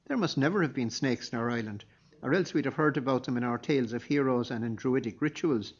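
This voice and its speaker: Brief: a man doing a firm, stern monk scholar, husky. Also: medium pitch, quick pace, highs cut off, close to an everyday voice. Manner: firm, declaring.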